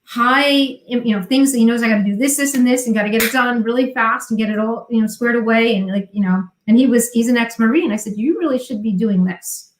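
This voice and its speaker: A woman's voice: a little high, fast talker, few pauses. A woman with a New Jersey accent, a guest on a video call, telling stories and acting out the dialogue. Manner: animated storyteller acting out quoted dialogue. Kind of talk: casual chat. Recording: echoey room.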